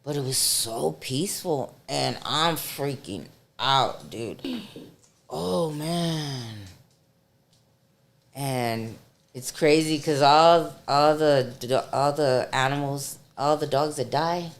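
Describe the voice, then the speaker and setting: A middle-aged woman, a podcast guest, telling a dramatic story in a casual, animated way. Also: sits low, takes it slowly.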